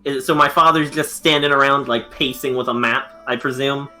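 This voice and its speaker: A man's voice: medium pitch, steady tone, moderate pace, sharp tone, soft background music. A man playing a tabletop game, rambling and joking with lots of fillers. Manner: rambling and jokey, many fillers. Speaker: player. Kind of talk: casual tabletop game play.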